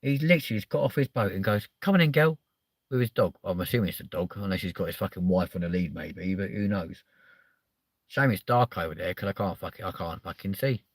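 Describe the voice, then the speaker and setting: A man with a somewhat low voice runs a loose, comic chat show. He swears constantly and grows excitable as he hops between stories. His voice sits close and dry on the mic, with no room sound. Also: fast talker, dry recording. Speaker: show host. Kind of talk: casual live chat show.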